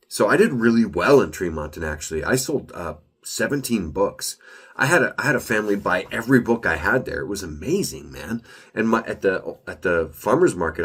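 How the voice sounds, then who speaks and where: A man with a very low, deep voice gives a casual solo update, chatty and upbeat and prone to restarting sentences. A slight nasal stuffiness hangs on his speech from a recent cold and pollen allergies. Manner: rambling, upbeat, self-correcting. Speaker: author giving a weekly update.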